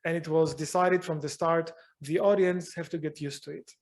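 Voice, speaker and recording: A man's voice: a little high, steady tone, normal speed. Man answering questions in a lecture. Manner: thoughtful, searching for words. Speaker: guest lecturer. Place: university lecture room.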